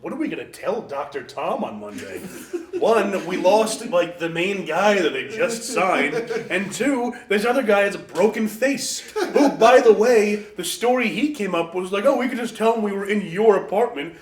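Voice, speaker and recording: A man with a fairly high voice tells a rowdy story in casual conversation, animating it with quoted voices and frequent laughter. The room adds a noticeable echo. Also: moderate pace. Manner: animated anecdote teller, acts out quoted voices, laughs often. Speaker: interview guest.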